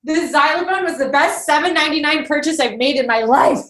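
A woman's voice: high voice, a little fast, a bit bright. A young woman co-hosting a podcast, giggly and teasing in casual chat. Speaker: podcast co-host.

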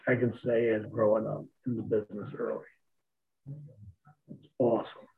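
A man's voice: fairly low pitch, little pitch movement, normal speed, vocal fry. A man telling stories in a casual chat, laid-back and profane, laughing often. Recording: tinny phone-like sound.

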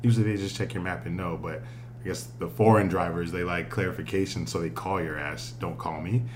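A man co-hosting a podcast, telling a story in an animated, profane, casual way, laughing often. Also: low voice, brisk, a little hiss or hum. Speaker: podcast co-host.

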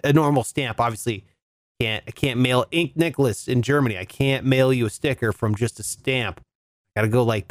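A man's voice: mid-range voice, no room sound, clean studio sound. A man hosting a solo podcast in a casual, laid-back way, swearing freely and calling listeners dude and bro. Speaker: podcast host.

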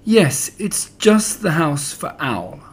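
A man's voice: fairly high pitch, expressive, normal speed, vocal fry, breathy edge, heavily acted. A man doing a small timid piglet. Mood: shy. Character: small timid male piglet, shy and sweet. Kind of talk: storybook character voice.

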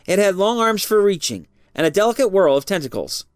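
A narrator giving an expressive reading of a story. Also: mid-range voice, fairly quick, no echo, clean studio sound.

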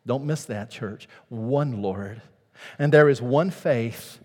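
A male pastor preaching a sermon, swinging from hushed, quiet lines to loud, fervent outbursts in a rhythmic preacher's cadence. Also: medium pitch, slow pace, in a large hall.

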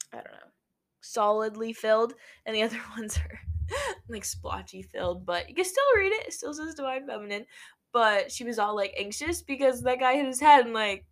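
Young woman from Nebraska, casual vlog storyteller, giggly, filler-heavy, mid-pitched voice. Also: fairly bright tone. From Nebraska, USA. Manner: chatty, laughs often, many "like" fillers. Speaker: vlogger.

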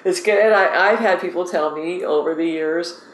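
A woman fishing guide, excitable and animated, telling stories in a casual interview. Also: on the low side, moderate pace, echoey room, low-quality recording.

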